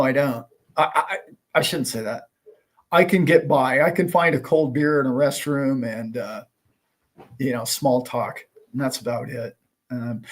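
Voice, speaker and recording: A man hosting a livestream, chatting casually and greeting viewers, rambling and friendly with lots of filler words. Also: medium pitch. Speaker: livestream host.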